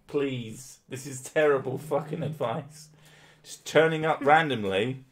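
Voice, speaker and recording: A man's voice: mid-range voice, a little slow. Male streamer, sarcastic and profane, joking at a desk mic. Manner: sweary, sarcastic, laughing often. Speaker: streamer host. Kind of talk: casual chat.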